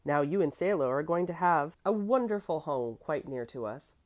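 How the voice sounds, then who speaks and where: A woman reading the part of a happy, excited boy who speaks with slow, emphatic delight. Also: low voice, highs cut off.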